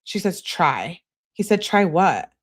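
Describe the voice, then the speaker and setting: A woman's voice: on the low side, big pitch swings, slow. Scornful young woman reading texts aloud. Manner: blunt, scornful asides. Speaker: true crime commentator. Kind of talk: reading text messages aloud with commentary.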